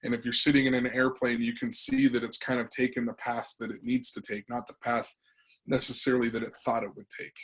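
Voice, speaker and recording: A man hosts a conversational interview, chatting loosely and rambling through his questions with lots of fillers. His mid-range voice is fairly bright and slightly rough, with little pitch movement, and he talks a little fast. The recording is rough.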